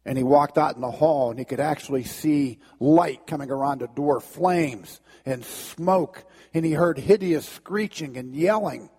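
Male preacher, sermon storytelling, gravelly, high voice, long hall reverb. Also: mellow. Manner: dramatic, halting storyteller with restarts.

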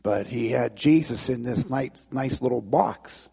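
A man's voice: medium pitch, unhurried, vocal fry, mellow, husky, in a large hall. A man preaching, telling a dramatic story with many repetitions and restarts. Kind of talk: sermon storytelling.

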